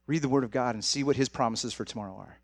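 A man's voice: mid-range voice, fast, dry recording. A young man preaching a sermon as pastor, talking to the congregation in a direct, conversational way. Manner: conversational, direct, addresses audience as guys.

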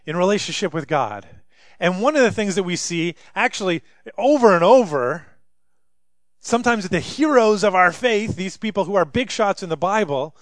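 A man preaching a sermon as pastor, acting out scripture voices with rising intensity and then dropping quiet. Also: sits high, no echo. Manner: animated, dramatizes scripture voices, rising loudly for emphasis.

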